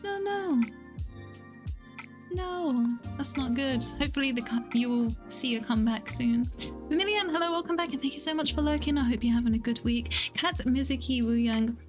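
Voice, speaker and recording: Young girl yapping on stream, reads chat out loud and giggles, voice sits a bit high, soft music underneath. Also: brisk. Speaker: livestreamer. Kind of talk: casual livestream chat. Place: at home.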